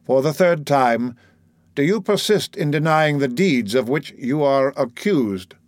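A falsely gentle middle-aged prosecutor with a soft, caressing voice that never loses its calm, played by a male reader. He lets his words come slowly and smoothly in a storybook reading, heard close and dry. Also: mid-range voice, dry recording, natural voice. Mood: coaxing.

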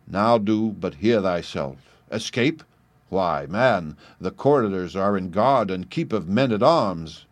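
A man's voice: low voice, animated, slow, no echo. A man voicing a frightened young page boy who pleads in old-fashioned speech, as a character voice in an audiobook. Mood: wary.

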